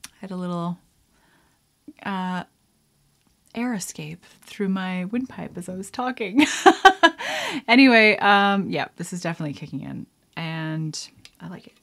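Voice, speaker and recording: A woman's voice: fairly low pitch, lively intonation, unhurried, pauses often, a bit bright. Woman vlogging while doing makeup, rambly and giggly, whispers little asides. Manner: rambling, chatty, often laughing and whispering asides.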